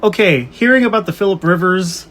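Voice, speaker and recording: Male co-host, a touch high-pitched, profane and rambling. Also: brisk, a bit bright. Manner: rambling, swears, fired-up rants. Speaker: podcast co-host. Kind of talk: casual chat.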